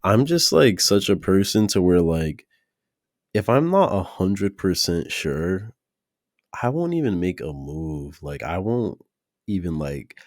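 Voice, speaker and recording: A man streaming a reaction, talking to his chat in slangy, profane, animated bursts. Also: low-pitched, slow, no room sound, clean studio sound. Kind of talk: casual reaction commentary.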